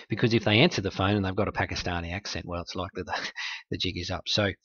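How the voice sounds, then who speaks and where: Male host, low voice, wry and chatty walkthrough; dry, dull-sounding recording. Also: fairly bright tone, breathy edge, dry recording. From Australia. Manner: wry, conversational, explanatory. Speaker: host exposing scam websites.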